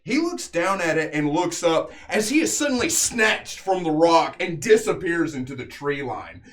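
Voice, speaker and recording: A man serving as game master, narrating a tabletop battle vividly and unhurriedly, pausing on fillers as he goes. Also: fairly high pitch, big pitch swings.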